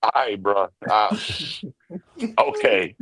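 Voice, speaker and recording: Podcast co-host, man with a low voice, lively storyteller who slips into quick impressions, dry sound. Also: no echo, poor audio. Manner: animated storyteller, mimics characters in quick bursts. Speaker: podcast co-host reviewing a film. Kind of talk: casual chat.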